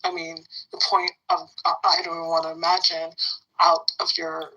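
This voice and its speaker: A woman's voice: fairly low pitch, completely flat delivery, normal speed, gravelly, pushed and bright, highs cut off. A woman from Canada talking politics in a blunt, outspoken way, swearing freely in casual chat.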